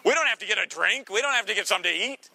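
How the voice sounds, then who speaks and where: A man preaching a sermon in a teasing, conversational way, full of quick asides to the congregation. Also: sits high, lively intonation, gravelly, pushed and bright, a little hiss or hum. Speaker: pastor.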